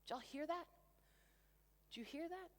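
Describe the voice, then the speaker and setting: A woman coach giving an energetic keynote to a conference crowd, asking rhetorical questions on a stage microphone. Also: sits high, normal speed. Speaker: motivational coach. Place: large convention centre hall. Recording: long reverb of a big hall.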